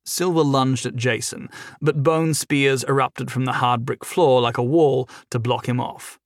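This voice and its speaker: A man's voice: mid-range voice, steady tone, measured pace, no echo, clean studio sound. Man reading an audiobook. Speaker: narrator. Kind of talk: audiobook narration.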